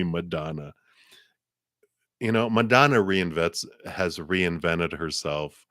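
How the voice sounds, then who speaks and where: Middle-aged male tarot reader with a low voice who chuckles often and repeats words as he thinks aloud. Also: lively intonation, slow pace, fairly bright tone, no room sound, clean studio sound. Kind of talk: live tarot reading for a viewer.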